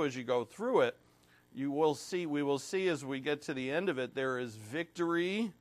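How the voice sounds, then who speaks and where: A man preaching an expository sermon, reading scripture aloud with rising emphasis and growing emotional at times. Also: mid-range voice. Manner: emotional, clears throat and pauses. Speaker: pastor.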